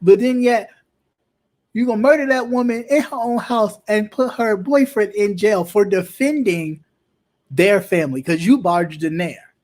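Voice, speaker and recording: Impassioned high-voiced man. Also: a little slow, darkish tone. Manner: impassioned, emphatic repetition. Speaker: host. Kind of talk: political commentary talk.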